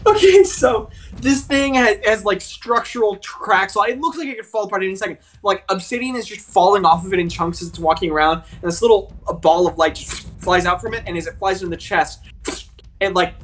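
A game master narrating a tabletop battle in a chatty, animated way, with loose asides and fillers. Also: medium pitch, a little fast, slight background noise.

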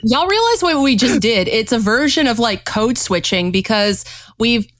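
A woman from Louisiana co-hosts a podcast with excitable, teasing banter. Her voice sits at an ordinary pitch and is recorded close and dry. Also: normal speed, dry recording. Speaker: podcast co-host. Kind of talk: casual chat.

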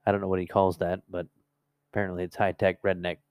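A man's voice: sits low, little pitch movement, fast, darkish tone, clear, resonant tone, no room sound. A man co-hosting a podcast from a studio, joking and telling folksy fishing stories in casual chat. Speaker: podcast co-host.

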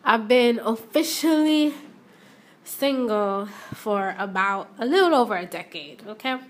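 A young adult woman with a voice pitched a little high chats casually on her own podcast. She talks straight to her listeners and repeats herself for effect, recorded in her shop as she steps in and out. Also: expressive, a little slow. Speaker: podcast host. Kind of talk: casual solo podcast chat. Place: shop, stepping in and out of doors.

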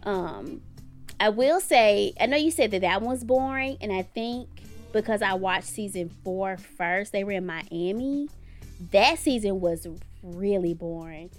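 A woman's voice: mid-range voice, lively intonation, unhurried, faint music behind. A woman co-hosting a casual talk show, giving outspoken, opinionated commentary with blunt language. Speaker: podcast co-host.

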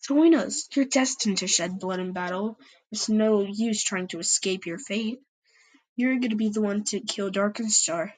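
A woman voicing a menacing dark female cat spirit in an amateur story podcast, speaking in a slow, ominous, insistent way. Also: medium pitch, natural voice, low-quality recording.

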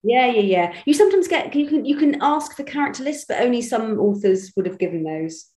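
A woman from Britain who works as an actor and audiobook narrator, answering interview questions in a chatty, animated way with quick restarts. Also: a little high, echoey room, poor audio. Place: home studio.

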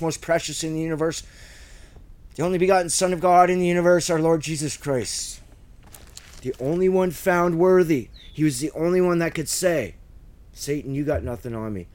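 A man's voice: fairly high pitch, darkish tone. A man teaching the Bible verse by verse in fervent, conversational preaching, at times choked up with emotion.

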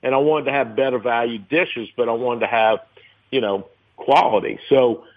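A man's voice: medium pitch, moderate pace. A man in his fifties from New Orleans, a restaurateur telling rambling stories in a casual interview, with many fillers. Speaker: restaurateur guest. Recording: tinny phone line.

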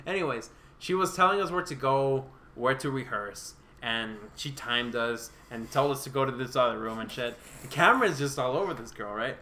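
A man's voice: medium pitch, normal speed, hardly any pauses, sharp tone, a little hiss or hum. A young man co-hosting a podcast, telling stories in casual chat, swearing a lot and laughing as he talks. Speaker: podcast co-host.

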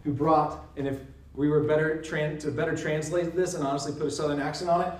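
A man teaching in an earnest, emphatic way, often checking in with a quick "right?". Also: fairly high pitch, a little mellow. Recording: roomy sound, mic at a distance.

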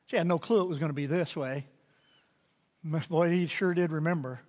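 A man preaching a sermon as pastor, building to loud emphatic peaks and dropping to quiet asides. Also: a little high, normal speed. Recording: reverberant hall.

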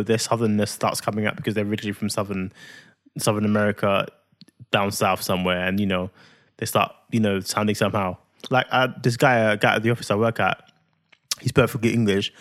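A man co-hosting a casual podcast with his wife, talking in a laid-back, teasing way. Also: on the low side. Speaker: podcast co-host.

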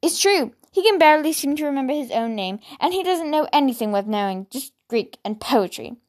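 A sulky, rude young girl from a storybook, as a woman reads her lines, blunt and cross in every word. The voice sits fairly high and plain, close to an everyday reading voice. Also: expressive, a little fast.

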